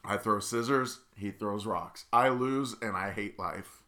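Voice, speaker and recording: A man's voice: on the low side, unhurried, bright, forceful tone. A young man co-hosting a podcast, telling a rambling story full of fillers, tired with stuffy sinuses. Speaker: podcast co-host. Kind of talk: casual chat.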